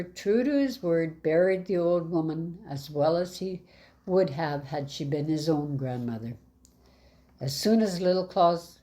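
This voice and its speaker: A woman reading a fairy tale aloud in an even, measured way. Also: low-pitched. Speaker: storyteller.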